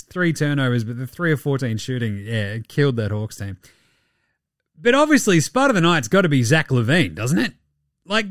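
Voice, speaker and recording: An Australian man with a slightly high voice hosts a casual basketball recap podcast, recorded with clean studio sound and no echo. He's irreverent and sweary, slipping into mocking voices.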